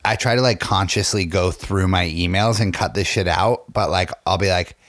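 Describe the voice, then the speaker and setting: A man's voice: low voice, moderate pace, a bit bright, dry recording, studio quality. A young man co-hosting a casual podcast, rambling with lots of fillers, joking and swearing. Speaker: podcast co-host.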